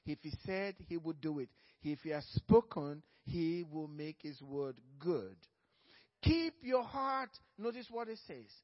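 A male pastor preaching a sermon in church. He is emphatic and repeats key phrases, moving between loud stresses and soft low asides. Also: highs cut off.

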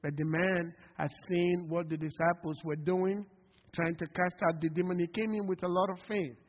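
Impassioned pastor preaching in a reverberant church. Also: male voice, high voice, steady tone, normal speed, a little hiss or hum. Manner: impassioned preaching, calls of "Amen?" to the congregation. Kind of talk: sermon. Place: church sanctuary. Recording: long hall reverb, dull lo-fi sound.

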